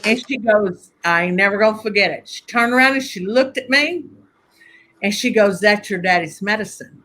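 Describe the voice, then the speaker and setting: A woman telling family stories in a casual conversation, animated and laughing often as she acts out voices. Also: mid-range voice, normal speed. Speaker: guest conjure teacher.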